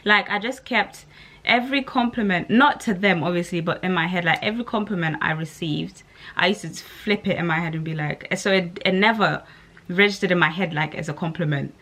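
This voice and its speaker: Young woman, low-ish voice, candid chat. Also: brisk, a bit bright. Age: young adult. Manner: candid, rambling, lots of "like" fillers. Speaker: vlogger. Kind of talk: casual chat to camera.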